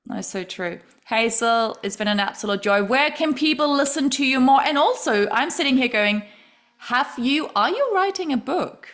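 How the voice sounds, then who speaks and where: A woman's voice: high voice, animated, moderate pace, a bit bright. A woman hosting a podcast interview, chatting in a bubbly way and laughing often. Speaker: podcast host. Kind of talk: casual interview chat.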